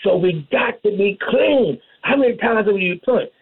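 A man delivers a fervent sermon in a high, husky voice, punctuating his points with amen and hallelujah. The sound is tinny and narrow, like a phone-line radio broadcast. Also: lively intonation, normal speed. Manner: call-and-response preaching, repeats amen and hallelujah. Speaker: preacher.

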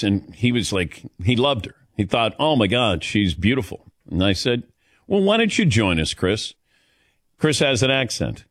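A man's voice: medium pitch, no echo, clean studio sound. A middle-aged man from the American Midwest hosting a sports talk radio show, chatting and telling stories with easy laughs. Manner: chatty storyteller, laughs easily, calls on co-hosts by name.

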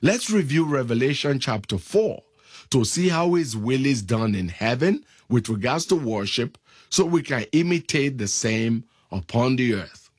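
A man preaching a sermon, reading scripture aloud in a slow, deliberate way. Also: mid-range voice, expressive, slightly rough, dry recording, clean studio sound.

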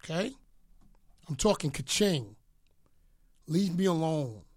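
A man's voice: on the high side, sing-song, slow, darkish tone, husky, no room sound, studio quality. A middle-aged man delivering a boastful, taunting rant aimed at rivals, mock-pleading with them to leave him alone. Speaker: radio DJ. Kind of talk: ranting commentary.

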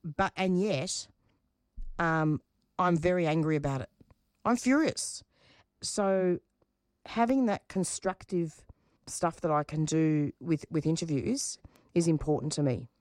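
A woman's voice: low-pitched, measured pace, darkish tone, no echo, studio quality. A woman with an Australian accent, a community radio host, speaking earnestly and passionately and often repeating words as she searches for them. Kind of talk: radio interview, personal and reflective.

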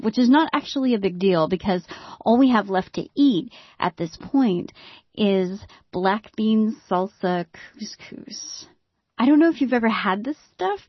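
A woman tells a first-person story at an unhurried, deliberate pace, dropping to hushed tones to build suspense. The sound is dry and close, with no room around it. The tone is slightly dull and muffled. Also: fairly high pitch, dry recording.

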